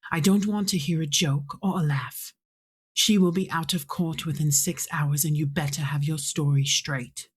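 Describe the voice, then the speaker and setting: A woman's voice: deep voice, steady tone, normal speed, breathy edge. A woman voicing a stern, tense noble mother in a tabletop game, speaking in clipped, commanding lines.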